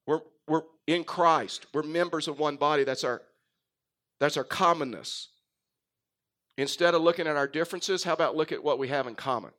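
A middle-aged man from Texas, a pastor preaching a sermon with a faint Texan accent, telling stories and swinging between loud emphasis and quiet asides. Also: fairly high pitch, brisk, pauses often. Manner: storytelling, rises and drops in volume for emphasis.

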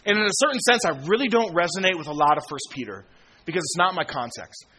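A man in his thirties preaching a sermon in a relaxed, slangy way, acting out conversations with old friends. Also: high-pitched, fast talker, husky. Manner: casual, slangy, acts out quoted friends with laughs. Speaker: pastor.

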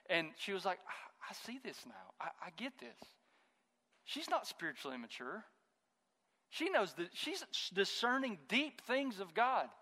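Bright, high-voiced man preaching in a reverberant hall. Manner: conversational preaching with family stories. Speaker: pastor. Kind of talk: sermon.

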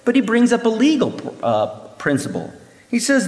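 A man teaching through a Bible passage in an animated way, acting out the voices he quotes. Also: sits high, brisk. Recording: echoey hall reverb.

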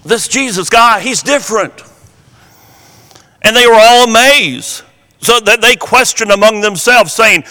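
A man preaching a Bible-teaching sermon, slow and emphatic, often repeating his words for emphasis. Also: sits high, sharp tone, long reverb tail.

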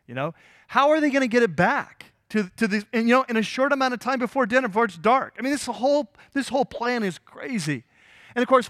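High-voiced male pastor preaching. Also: a bit bright, dry recording, studio quality. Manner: conversational, asks the congregation questions; voices biblical figures in quick asides. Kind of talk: sermon.

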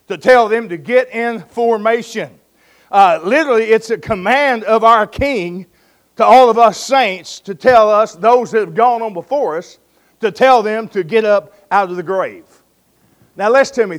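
A man preaching a sermon, telling stories in a folksy way and calling his listeners friend and folks. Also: high-pitched.

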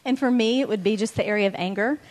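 A middle-aged woman co-teaching a marriage course, speaking candidly and gently in a conversational way. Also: a little high, fast.

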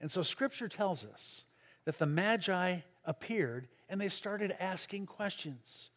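A man's voice: expressive, measured pace, a bit bright, in a large hall. A pastor preaching a sermon to his congregation, raising his voice for emphasis and asking them questions. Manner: dynamic preaching, pitch and volume rising for emphasis, asks the congregation questions. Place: church.

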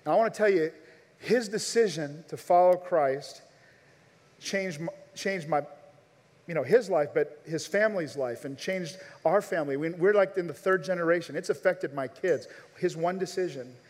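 Man, pastor, preaching, fairly high voice, earnest pleading, long church-hall reverb. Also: moderate pace, a little mellow. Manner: earnest, urgent direct appeals to the listeners. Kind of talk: sermon. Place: church sanctuary, live service.

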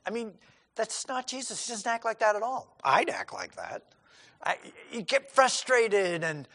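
Guy preaching casual and folksy, high voice that swings all over, acts out little scenes. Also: expressive, normal speed, fairly bright tone, in a large hall. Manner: folksy asides with many "you know"s. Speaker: pastor. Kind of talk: sermon.

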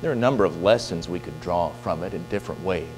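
A man preaching a sermon, retelling a Bible story with lively storytelling and acted-out quotes. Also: sits low, fast talker, faint music behind. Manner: animated storytelling, voicing quoted figures. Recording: distant reverberant hall with faint hum.

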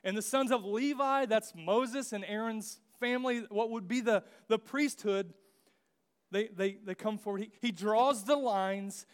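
High-voiced preacher with a jokey delivery. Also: male voice, measured pace, clear, resonant tone. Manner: jokey, acts out biblical figures in slang asides. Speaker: pastor. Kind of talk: casual conversational sermon.

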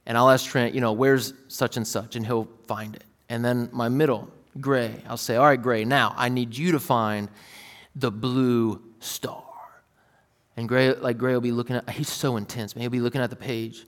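A man in his thirties preaching a sermon in a relaxed, storytelling way, acting out voices from family anecdotes. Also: medium pitch, brisk, hardly any pauses. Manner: casual, storytelling, acts out his kids' voices. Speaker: pastor. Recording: long hall reverb.

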